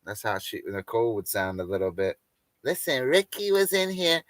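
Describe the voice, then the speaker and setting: Brief: rambling livestream host, crude jokes, loose banter, dry close sound. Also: male voice, on the low side, normal speed, a bit bright, dry recording. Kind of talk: casual livestream rant.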